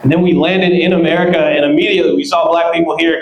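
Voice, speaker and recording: A young man from West Africa doing a stand-up comedy set, animated and acting out voices, laughing at his own jokes. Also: fairly high pitch, quick pace, hardly any pauses, crowd noise. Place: comedy club stage. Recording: roomy club sound.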